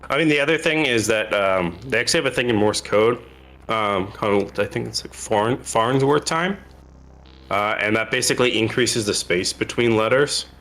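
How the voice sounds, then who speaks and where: A man's voice: fairly low pitch, normal speed, a bit bright. A man, a game developer, casually explaining his early game design on a livestream, with lots of likes and ums.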